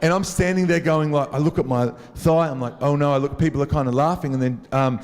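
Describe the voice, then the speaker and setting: Man with a fairly high voice in a big echoing hall. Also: fast talker, a little mellow. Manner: conversational, self-mocking, comic timing. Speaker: worship leader. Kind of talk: humorous storytelling talk to a live audience. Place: large venue with an audience. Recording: long reverb of a large hall.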